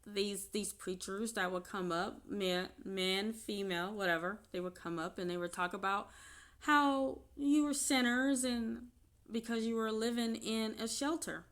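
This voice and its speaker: A woman's voice: mid-range voice, measured pace, fairly bright tone. A woman telling a personal story in an unscripted vlog, chatty and laughing often between her sentences. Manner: chatty, with many fillers and restarts. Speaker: vlogger.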